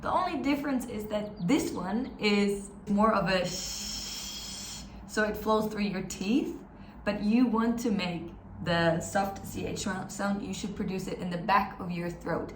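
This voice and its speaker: A woman's voice: medium pitch, slight background noise. Upbeat woman teaching pronunciation, echoey room. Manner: upbeat, encouraging, demonstrates sounds slowly. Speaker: German language teacher. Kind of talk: step-by-step pronunciation lesson. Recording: echoey room, slightly distant mic, faint ambience.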